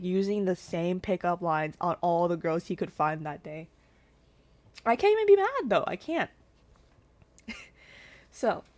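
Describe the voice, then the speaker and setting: A young woman in her twenties tells a story to her viewers, animated and swearing freely. Her voice sits at a middle pitch for a woman. She talks in a casual, chatty way. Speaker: VTuber storyteller.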